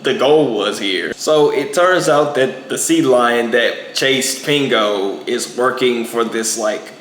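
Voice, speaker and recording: A man's voice: medium pitch, slow, a bit bright. Young guy rambling through a movie review, lots of likes and ums, echoey room, bit of hiss. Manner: rambling, lots of filler words. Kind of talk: casual movie review commentary.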